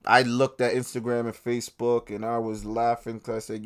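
A man hosting his own independent podcast, ranting with a lot of profanity, swinging between loud outbursts and low muttering. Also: little pitch movement, moderate pace, hardly any pauses. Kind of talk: podcast rant.

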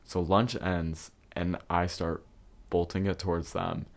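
Low-voiced young man, casual storyteller. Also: flat delivery, measured pace, vocal fry. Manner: candid and profane, with frequent fillers. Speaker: podcast host.

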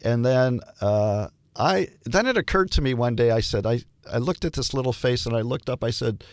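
An older man, a hospital chaplain, telling stories in an interview and acting out the dialogue with lively shifts in voice. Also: mid-range voice, moderate pace, hardly any pauses, no echo. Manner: animated storyteller, acts out dialogue. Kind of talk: storytelling interview.

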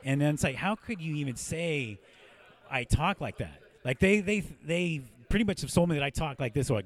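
A man's voice: a little high, animated, normal speed. A man hosting a podcast, telling rambling, profane stories in casual chat. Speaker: podcast host.

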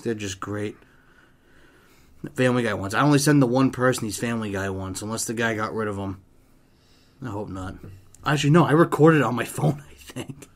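A man's voice: on the low side, a little fast, pauses often. A man chatting casually, telling funny stories with lots of laughter and acting out what others said. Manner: giggly storyteller, laughs often, acts out quotes. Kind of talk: casual chat.

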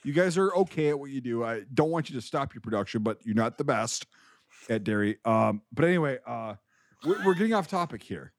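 A man's voice: medium pitch, expressive, fairly quick, no echo, clean studio sound. A man from Wisconsin, co-hosting a casual film podcast, ranting in mock anger and swearing heavily. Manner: loud, heavy swearing, mock-angry ranting. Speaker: podcast co-host.

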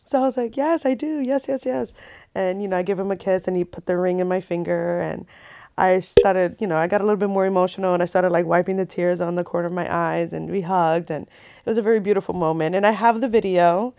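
A woman's voice: lowish voice, fast talker, creaky, clean tone. A woman in her thirties telling a story in a casual, chatty vlog, full of fillers and swearing. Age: 30s. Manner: chatty, animated, many likes and swears. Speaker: vlogger.

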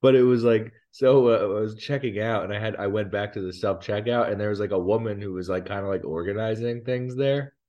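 Deep-voiced man telling a rambling story. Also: brisk, few pauses, warm tone, dull audio. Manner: rambling storyteller, self-deprecating, laughs at himself. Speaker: podcast co-host. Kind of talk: casual chat.

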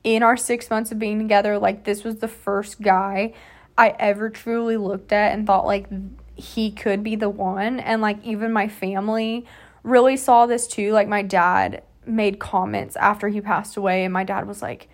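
A woman in her twenties hosting a podcast, telling a personal story in a soft, halting way with many fillers. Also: mid-range voice, flat delivery. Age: 20s. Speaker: podcast host.

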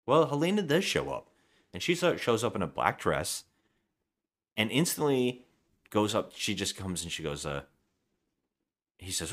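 A man with a very low voice talks through a movie's plot on a podcast. His delivery swings widely in pitch, and he acts out the characters' lines as he retells each scene. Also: big pitch swings, moderate pace, pauses often, a bit bright. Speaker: podcast co-host. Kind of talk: casual movie-review chat.

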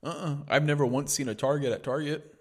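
A man's voice: fairly high pitch, fairly even intonation, brisk. A young man, co-hosting a podcast in casual chat and telling stories in a laid-back, profane way. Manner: laid-back, profane storytelling, says "dude" a lot. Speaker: podcast co-host.

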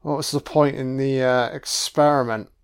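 A man giving a casual, sweary audio commentary on a film, reacting out loud to what he sees. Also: mid-range voice, steady tone, normal speed, clear, resonant tone. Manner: sweary, exclaiming reactions at the screen.

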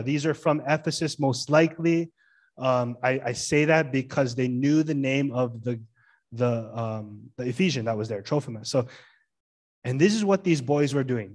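A middle-aged male pastor preaching a sermon in a lively way, often asking the church questions and stressing key words. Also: medium pitch.

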